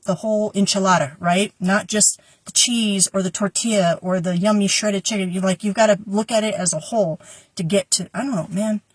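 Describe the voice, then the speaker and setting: A woman's voice: medium pitch, fairly even intonation, fairly quick, no echo. A woman hosting a casual spiritual guidance talk, chatty and prone to tangents. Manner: chatty, tangents, laughs easily.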